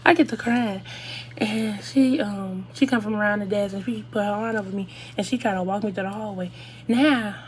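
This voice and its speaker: An eighteen-year-old woman speaks, chatting animatedly through a storytime for her viewers. Her voice sits at a middle pitch, with a faint hum in the background. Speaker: vlogger. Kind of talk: casual storytime.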